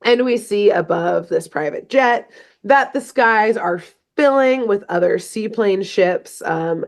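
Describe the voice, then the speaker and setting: A young woman co-hosting a podcast, walking through a cartoon episode in a relaxed, chatty way. She tells the story with energy and drops into playful quoted voices for the characters. Her voice sits at an ordinary middle pitch. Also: slow pace. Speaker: podcast co-host. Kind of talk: casual chat recapping a cartoon.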